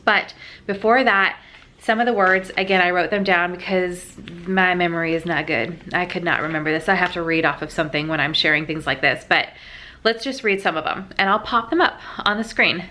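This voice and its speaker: A young adult woman vlogger in an emotional, heartfelt sit-down chat, halting and tearful at times. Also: on the low side, pushed and bright.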